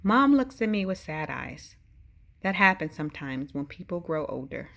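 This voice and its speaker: A woman hosting a bedtime read-aloud, narrating expressively and talking gently to the children listening. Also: lowish voice, very animated, moderate pace, vocal fry. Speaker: host reading a bedtime story.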